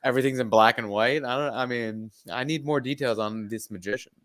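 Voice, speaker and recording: A man in a casual group discussion, playful and joking with deadpan asides. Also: medium pitch, brisk. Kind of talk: casual group video chat.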